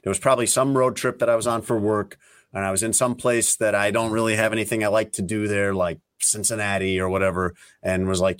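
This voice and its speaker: A man's voice: lowish voice, level tone, quick pace, clean tone. Easygoing man chatting on a podcast. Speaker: podcast co-host. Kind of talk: casual chat.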